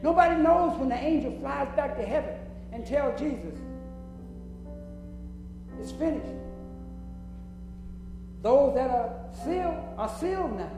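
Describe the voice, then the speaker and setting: A woman's voice: high-pitched, darkish tone. Fervent woman preaching in an echoing hall. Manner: emphatic, repeats phrases, chuckles often, acts out scenes. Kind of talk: fervent sermon. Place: church hall with congregation. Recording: echoey hall, music behind.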